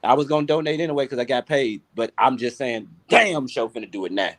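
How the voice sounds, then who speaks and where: A man hosting a casual chat, talking in slangy, animated storytelling. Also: mid-range voice, quick pace, a crowd in the background. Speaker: podcast host.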